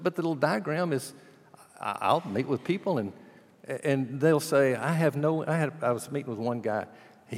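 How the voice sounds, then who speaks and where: A middle-aged man preaching a sermon, telling stories and acting out both sides of a conversation, swinging from loud bursts to near-quiet asides. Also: mid-range voice. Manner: storytelling, acting out dialogue with big swings in loudness. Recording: long hall reverb.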